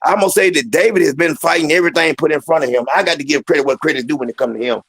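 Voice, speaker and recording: A man's voice: a little high, racing, fairly bright tone, slightly rough, no room sound. A man hosting a casual sports talk stream, laid-back and joking with his panel. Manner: laid-back, jokey, apologetic.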